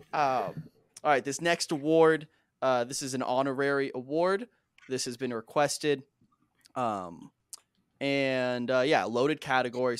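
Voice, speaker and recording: A man's voice: medium pitch, smooth. A man with a mid-range voice presenting joke awards on a comedy podcast. He reads the categories with dry, mock-formal seriousness. The sound is dry and close, with no room echo. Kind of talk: casual comedic chat.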